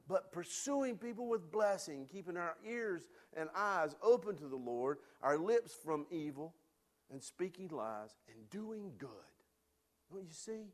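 Man, pastor, sermon, animated, fairly high voice, asks the congregation questions. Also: a little slow. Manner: animated, rising to emphatic peaks and dropping to soft asides.

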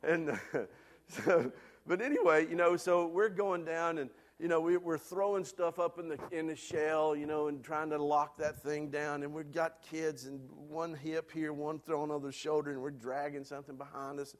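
A man preaching a sermon, telling a lively personal story before turning to a quieter, earnest point. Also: a little high, moderate pace, a little hiss or hum. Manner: animated storyteller, loud hollering peaks. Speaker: pastor.

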